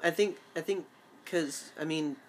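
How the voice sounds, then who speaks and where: A man's voice: a little high, measured pace, slight background noise. Eager rambling man co-hosting a fan chat. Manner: rambling, eager, many fillers and restarts. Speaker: show co-host.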